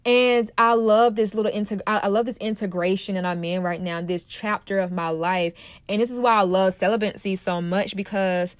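Woman, podcast host, casual motivational monologue, passionate and repetitive, mid-pitched, dry close recording. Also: fairly even intonation, moderate pace, clean tone, dry recording. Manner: passionate, emphatic, repeats phrases for stress.

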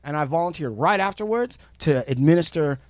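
Brash, profane, slightly high male storyteller. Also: expressive, a little fast, no room sound. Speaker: podcast co-host. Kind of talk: casual storytelling chat.

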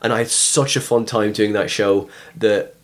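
A man's voice: lowish voice, fairly even intonation, moderate pace. A man, a comedian guest on a podcast, telling rambling stories with many restarts. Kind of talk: casual podcast chat.

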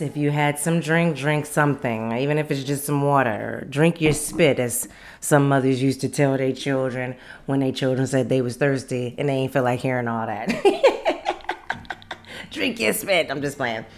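A woman in her thirties from Las Vegas hosting her own podcast, chatting casually with rambling asides and frequent laughter. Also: very deep voice. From Las Vegas, Nevada. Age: 30s. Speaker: podcast host. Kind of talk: casual solo podcast chat. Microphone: studio mic on camera.

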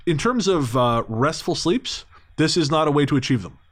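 A man's voice: fairly high pitch, expressive, moderate pace. Laid-back man co-hosting a podcast. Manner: rambling, self-mocking, laughs often. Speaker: podcast co-host. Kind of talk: casual podcast banter.

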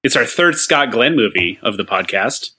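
A man's voice: mid-range voice, lively intonation, moderate pace, bright, forceful tone, husky. An American man co-hosting a casual movie podcast, sarcastic and exasperated as he argues. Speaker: podcast co-host.

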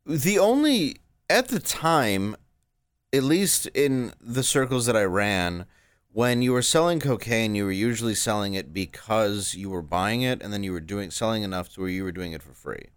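A man's voice: on the low side, animated, normal speed, clear, resonant tone, no echo, studio quality. A man in his thirties, a stand-up comedian, telling candid, rambling stories in a casual interview.

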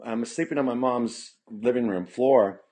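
Into a podcast studio mic, a California man who plays punk music spins a long casual story as a guest, full of "you know" and acted-out dialogue. He speaks unhurriedly in a husky, medium-pitched voice with a darkish tone.

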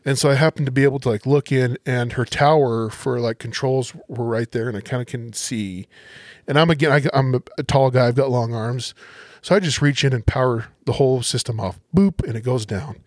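A man's voice: mid-range voice, a little fast, dry recording, clean studio sound. A man, a police officer, telling stories casually on a podcast and acting out the people in them. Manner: relaxed, animated storyteller acting out quotes. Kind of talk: casual storytelling.

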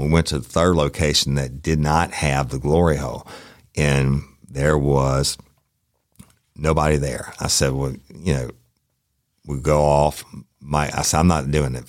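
Podcast host, middle-aged man, rumbling deep voice, folksy and foul-mouthed, dead-dry studio sound. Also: a little mellow, no room sound. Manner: profane, rambling, folksy. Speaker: podcast host, former detective. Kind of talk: casual storytelling.

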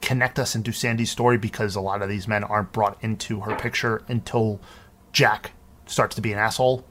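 A man's voice: on the low side, fairly even intonation, a little fast, a bit bright, a little hiss or hum. A man casually recapping a movie on a podcast, talking loosely with lots of ums and restarts. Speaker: podcast co-host. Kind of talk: casual film recap chat.

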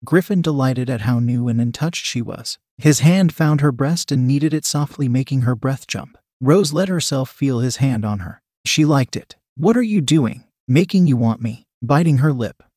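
Man, narrator, calm steady reading, ordinary male pitch, dry close recording. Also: normal speed, few pauses, breathy edge, no room sound. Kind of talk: romance story narration.

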